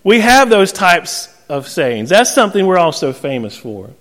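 A man's voice: high-pitched, sing-song, moderate pace, a bit bright, long reverb tail. A man from southern North Carolina with a Southern US accent, preaching a sermon with folksy jokes and frequent laughter. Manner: folksy, joking, laughs often. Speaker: pastor.

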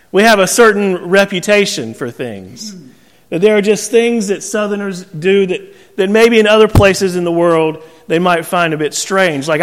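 A man's voice: sits high, in a large hall. A man from southern North Carolina with a Southern US accent, preaching a sermon with folksy jokes and frequent laughter. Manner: folksy, joking, laughs often. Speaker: pastor.

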